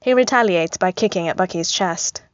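A woman reading a story aloud as narrator, in an even, gently amused tone. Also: lowish voice, moderate pace, no room sound. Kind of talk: reading fan fiction aloud. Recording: slightly muffled, dry.

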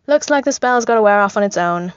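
A woman's voice: medium pitch, lively intonation, fast talker, smooth, no echo, muffled recording, lightly acted. A woman reading a story aloud, voicing a brash, sarcastic grown man who complains a lot.

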